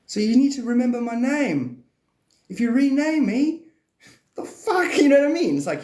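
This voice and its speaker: A man's voice: very high-pitched, big pitch swings, normal speed, long pauses, darkish tone, reverberant. A man hosting a live stream, chatting in a rambling way, laughing often and swearing as he jumps between topics.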